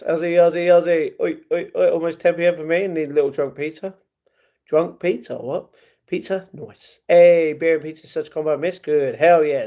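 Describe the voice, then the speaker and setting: A man's voice: on the high side, darkish tone. A man from the United Kingdom hosting a casual livestream, reading viewer comments aloud and reacting to them. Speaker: livestream host.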